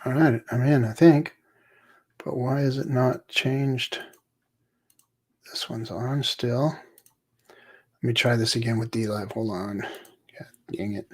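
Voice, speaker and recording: Guy hosting a stream, slow unhurried talk, flustered and muttering at his computer. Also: mid-range voice, fairly even intonation. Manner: pirate-themed greeting. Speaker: livestream show host. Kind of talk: casual livestream chat.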